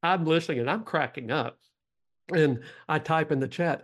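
Folksy Texan storyteller guest. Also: male voice, a little high, moderate pace, a bit bright. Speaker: podcast guest. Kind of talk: storytelling interview.

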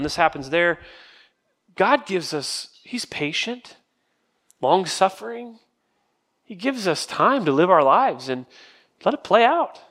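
A man's voice: high voice, fairly bright tone. A man teaching a casual sermon-style Bible study, reading scripture dramatically and asking the group questions. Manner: conversational, asks the group questions. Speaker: pastor.

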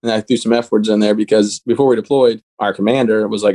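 Fast-talking man telling his war story. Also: on the low side, fairly even intonation, warm tone. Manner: blunt, matter-of-fact retelling of his wounding. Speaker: guest. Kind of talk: personal storytelling in an interview.

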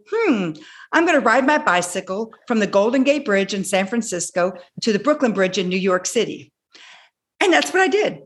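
A woman in her sixties, a guest telling her personal story with animated delivery, acting out her own past words. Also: medium pitch. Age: 60s. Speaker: guest speaker.

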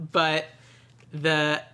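A woman with a fairly low voice in a relaxed podcast chat. She tells her points as little stories, slipping in quick asides. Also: clean tone. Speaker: podcast guest, screenwriter. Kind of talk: casual chat about a cartoon episode.

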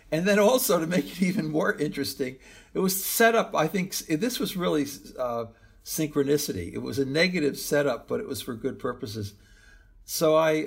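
Gravelly, husky man telling a story. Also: mid-range voice. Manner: rambling, reflective, restarts often. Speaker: guest, medical school professor. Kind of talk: storytelling interview answer.

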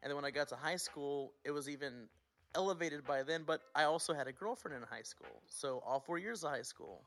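A man's voice: a little high, fairly quick, fairly bright tone. A man co-hosting a podcast, telling personal stories in casual chat, candid and swearing freely. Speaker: podcast co-host.

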